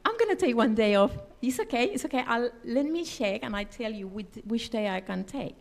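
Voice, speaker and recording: High-voiced woman giving an earnest sermon. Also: animated, fairly quick, few pauses. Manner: earnest, emphatic, non-native English phrasing. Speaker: lay preacher. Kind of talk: personal testimony sermon. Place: church.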